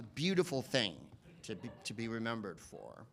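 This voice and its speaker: A man doing stand-up comedy, rambling and profane, slipping into quick voice impressions. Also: medium pitch, expressive. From United States. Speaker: comedian and podcast host.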